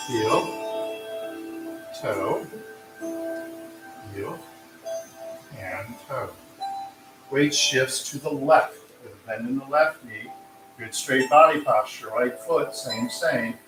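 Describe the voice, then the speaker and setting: Calm male tai chi instructor, roomy. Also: mid-range voice. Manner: calm, counting out slow cues. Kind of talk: guided exercise class instruction. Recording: roomy, distant mic with music.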